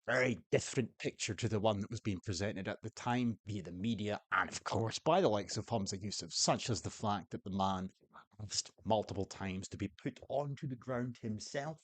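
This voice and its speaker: Low-voiced man, commentator, blunt and sarcastic, dry close sound. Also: moderate pace, no room sound. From Scotland. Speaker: political commentator. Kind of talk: opinionated commentary.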